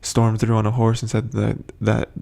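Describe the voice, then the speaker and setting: A man's voice: on the low side, monotone, normal speed, creaky, warm tone. A man hosting a casual, rambling TV episode recap, full of hesitant fillers. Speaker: host.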